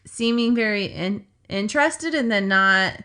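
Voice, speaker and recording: Female podcast co-host, bright tone, casual rambling storyteller. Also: mid-range voice, expressive, a little slow, clean tone. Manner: chatty, filler-heavy retelling with asides.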